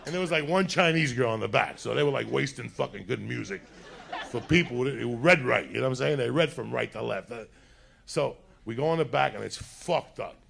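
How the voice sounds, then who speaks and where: Gravelly profane male stand-up comic. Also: medium pitch, fairly quick, fairly bright tone, a faint crowd. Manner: profane, rambling, conversational; acts out other people's lines in put-on voices. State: a little high. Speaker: stand-up comedian. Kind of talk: stand-up storytelling.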